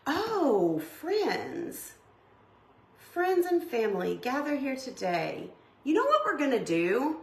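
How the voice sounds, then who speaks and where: A woman's voice: sits high, huge pitch swings, slow pace, gravelly, a bit bright. A middle-aged woman, chatting casually to her viewers while she crafts at home and greets them by name. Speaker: craft channel host. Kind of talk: casual crafting livestream chat. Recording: echoey room, faint background noise.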